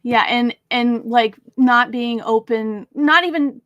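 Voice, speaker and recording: A woman's voice: a little high, slow, fairly bright tone, no room sound, muffled recording. Agreeable woman guest with a dry sound. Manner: supportive, frequent agreeing and laughing. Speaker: guest co-host. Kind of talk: casual livestream chat.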